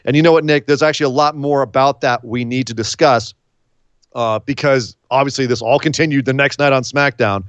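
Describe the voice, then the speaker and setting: A man co-hosting a casual wrestling talk show, ranting sarcastically and mocking with quick impressions. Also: mid-range voice, fairly even intonation, a bit bright, smooth, dry recording. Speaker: podcast co-host. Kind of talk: casual wrestling commentary chat.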